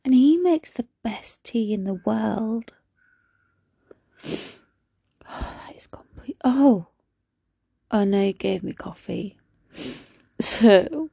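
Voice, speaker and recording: A young woman talks through a casual solo podcast in a soft voice that keeps dropping to a whisper. Her voice is very husky and heavily gravelly, with a dark, mellow tone. She speaks slowly, and the recording is dry and close. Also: a little high, no echo. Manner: soft, often slipping into a whisper. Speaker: podcast host.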